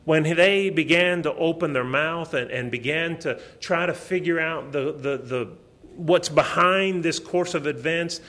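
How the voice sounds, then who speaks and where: A man's voice: a little high, unhurried. A middle-aged man preaching a sermon in a lecture hall, telling a personal story and acting out the quotes with a raised voice. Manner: animated storytelling, acts out quotes loudly.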